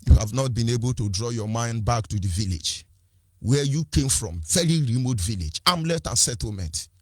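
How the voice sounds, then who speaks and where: Fiery Nigerian man with a husky voice. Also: medium pitch, animated, normal speed, darkish tone, no room sound, clean studio sound. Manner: fiery, rhetorical, repeats phrases, switches into Igbo and Pidgin. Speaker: activist speaker. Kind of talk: impassioned political address.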